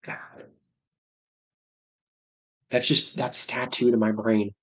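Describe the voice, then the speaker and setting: A man in his thirties hosts a livestream, rambling through casual chat, cutting himself off mid-sentence and chuckling at his own stories. His voice is lowish, slow, and fairly flat in pitch.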